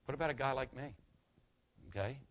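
A man's voice: medium pitch, fairly quick, a bit bright, lo-fi sound, a little hiss or hum. An older man preaching a conversational sermon as a pastor, folksy and rambling, often asking "okay?".

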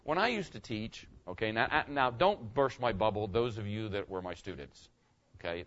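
A man's voice: medium pitch, sing-song, normal speed, fairly bright tone. A middle-aged man preaching a sermon to his congregation in a church, talking conversationally, repeating phrases and asking the listeners questions. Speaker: pastor. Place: church sanctuary. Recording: dull lo-fi recording.

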